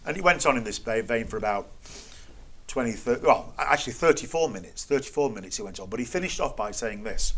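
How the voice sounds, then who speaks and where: A man's voice: medium pitch, moderate pace, fairly bright tone. A middle-aged man, a guest telling a story in conversation and acting out the quoted exchanges with an incredulous, wry tone.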